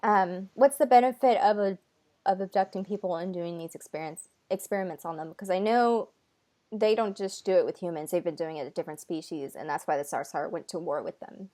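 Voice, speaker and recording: A woman channeler talking casually, nervous and halting, with many fillers and restarts, relaying an unseen being's words in her own voice. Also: fairly low pitch, dark tone. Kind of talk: casual conversation.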